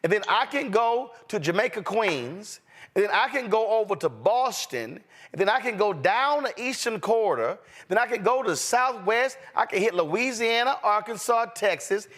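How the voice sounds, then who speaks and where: Emphatic high-voiced male political host. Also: expressive, moderate pace, a bit bright. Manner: emphatic, preacher-like cadence, cutting. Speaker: show host. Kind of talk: heated political commentary.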